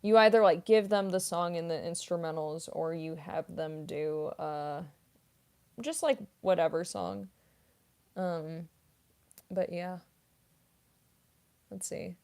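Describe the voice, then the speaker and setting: Woman, voice actress, somewhat low pitch, casual livestream chat, lots of filler words, classically trained singer. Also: slow, long pauses, darkish tone, clear, resonant tone. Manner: chatty, many fillers like "like" and "um". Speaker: voice actress and streamer.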